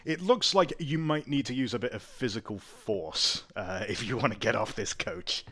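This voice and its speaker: A man's voice: medium pitch, expressive, normal speed, sharp tone. A man narrating as game master of a tabletop game, laughing often and using lots of fillers.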